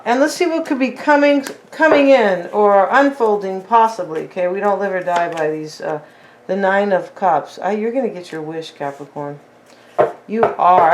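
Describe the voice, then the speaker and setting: A woman's voice: medium pitch, slight background noise, low-quality recording. A woman giving a casual tarot reading in a rambling, chatty way with many fillers and asides. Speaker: tarot reader.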